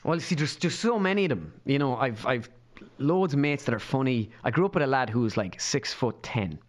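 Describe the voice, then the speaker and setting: A young Irish man, a podcast guest, telling a funny story in a loose, animated way and putting on voices of the people in it. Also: mid-range voice, fairly quick. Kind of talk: casual storytelling chat.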